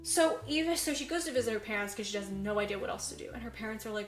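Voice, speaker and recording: A woman's voice: a little high, quick pace, hardly any pauses, echoey room, soft background music. A woman co-hosting a podcast, animatedly retelling a film plot in casual chat and acting out the characters' lines. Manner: animated storyteller, acts out quotes, says "like" a lot. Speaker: podcast co-host. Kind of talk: casual chat recapping a movie.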